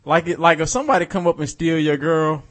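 A man's voice: a little high, steady tone, quick pace, a bit bright. A man co-hosting a casual comedy chat, laid-back and slipping into joking put-on voices. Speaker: podcast co-host.

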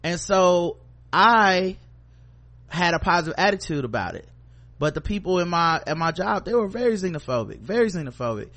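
A man's voice: sits high, big pitch swings, moderate pace, a bit bright. A man casually telling a long workplace anecdote on a talk show, cursing freely and acting out what people said. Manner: loose anecdotal telling, acts out quoted voices, curses freely. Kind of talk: casual storytelling chat.

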